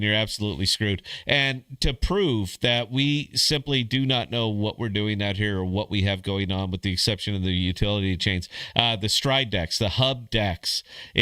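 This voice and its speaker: A man's voice: lowish voice, pushed and bright, clean tone, no room sound. A man hosting a podcast in a crude, sardonic casual rant, calling listeners "man" and "brother". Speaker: podcast host.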